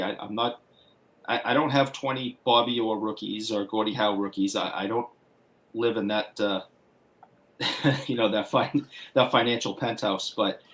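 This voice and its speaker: A man's voice: on the low side, a bit bright. Male guest, Boston accent, meandering storyteller, casual livestream chat. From Massachusetts. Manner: rambling anecdotal storytelling with restarts.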